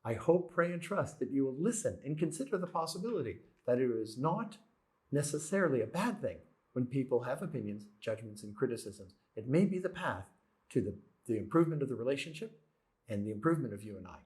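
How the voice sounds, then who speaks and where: A man's voice: mid-range voice, big pitch swings, a little fast, darkish tone. A man giving an earnest spiritual self-help talk, repeating phrases and asking rhetorical questions. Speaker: motivational speaker.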